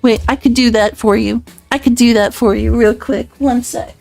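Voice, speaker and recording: High-voiced giggly flustered woman streamer. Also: steady tone, normal speed, gravelly, darkish tone, faint music behind. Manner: giggly, flustered, swears often. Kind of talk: casual live-stream chat with viewers. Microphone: close streaming mic.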